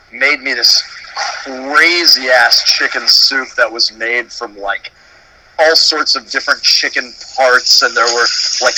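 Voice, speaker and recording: A man's voice: mid-range voice, sharp tone, slight background noise, poor audio. A man from Dallas, a musician talking about his work in a loose, playful way, swearing freely. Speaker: musician guest. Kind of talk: casual chat.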